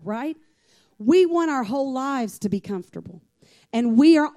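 Woman preacher giving a sermon, kinda high warm voice, chatty folksy delivery. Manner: folksy, conversational preaching with calls for amen.

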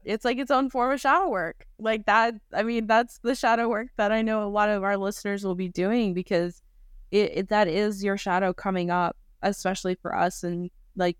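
Smooth-voiced woman podcast host. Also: mid-range voice, fairly even intonation, normal speed, no echo, clean studio sound. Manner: candid, storytelling, acts out quoted voices. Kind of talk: casual podcast chat.

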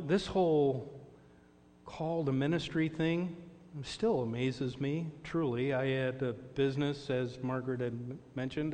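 A man's voice: mid-range voice, darkish tone, a little hiss or hum. Earnest male pastor in reverberant church. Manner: earnest, storytelling, call-and-response asides. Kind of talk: sermon with personal stories. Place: church sanctuary.

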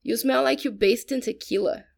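A woman's voice: on the high side, moderate pace, creaky, darkish tone. A woman reading the lines of a tired young woman in a storybook, dry and exasperated. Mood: disgusted.

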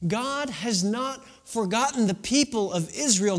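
A male pastor in his thirties delivers a sermon in a high voice that swings widely in pitch. He tells his stories at an unhurried, deliberate pace and stretches phrases out for drama. At times he sinks almost to a whisper to drive a point home. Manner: animated storytelling, drawn-out dramatic phrasing, dropping to a hush for emphasis.

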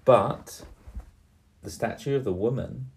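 A man in his fifties narrating a tabletop game for a small child in a slow, gentle storytelling voice, often pausing to ask her questions. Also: mid-range voice. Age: 50s. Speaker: game master.

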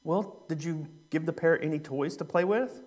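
A man voicing a matter-of-fact male pet shop owner in a joke, explaining things calmly. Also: on the high side, normal speed, close to an everyday voice. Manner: unbothered, explaining.

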